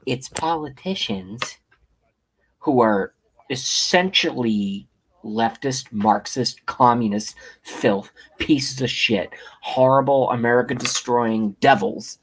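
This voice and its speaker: An agitated man rants into his webcam in a comic political tirade, swearing freely and lurching from loud outbursts to near whispers. His pitch sits in the middle range, and the sound is close and dry, with no room echo. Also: slow pace, breathy edge. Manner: agitated and profane, swinging between shouting and hushed whispers. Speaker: channel host ranting on camera.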